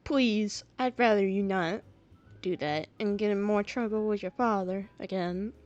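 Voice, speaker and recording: A woman's voice: medium pitch, measured pace, darkish tone, muffled recording. A woman streamer reading a story game aloud and reacting with giggles and chatty asides.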